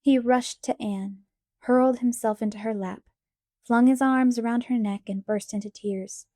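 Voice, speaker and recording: A woman narrating an audiobook chapter in a measured, expressive storytelling voice. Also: a little high, no echo, clean studio sound. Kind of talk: scripted narration.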